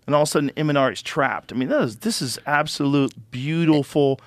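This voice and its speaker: Pria pembawa acara podcast yang mengobrol santai dan bersemangat, sering mengumpat saat menjelaskan sesuatu. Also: male voice, a little high, a little fast. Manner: animated, swears freely, explains with enthusiasm. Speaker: podcast host. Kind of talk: casual studio chat. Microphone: studio microphone.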